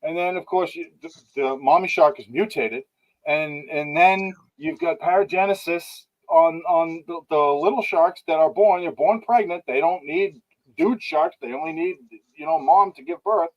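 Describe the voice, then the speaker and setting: A man's voice: a little high, normal speed, lo-fi sound. A man co-hosting a podcast, ranting in an exasperated, casual way about a bad movie. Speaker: podcast co-host. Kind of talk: casual movie review chat.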